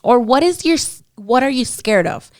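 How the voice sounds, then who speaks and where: A woman quoting a brisk, matter-of-fact woman professor giving her encouraging advice, raising her pitch slightly. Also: animated, darkish tone, no room sound, studio quality, lightly acted.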